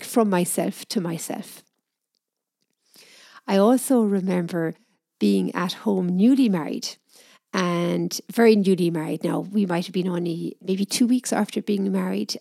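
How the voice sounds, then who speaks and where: A middle-aged woman telling a personal story in a gentle, soft-spoken, reflective way. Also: fairly low pitch, creaky, dry recording, studio quality. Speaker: speaker sharing personal experience.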